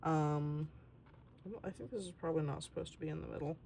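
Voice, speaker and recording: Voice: medium pitch, steady tone, fairly quick, creaky, darkish tone, slight background noise. A young adult artist giving a casual, rambling tour of a sketchbook and swearing freely along the way.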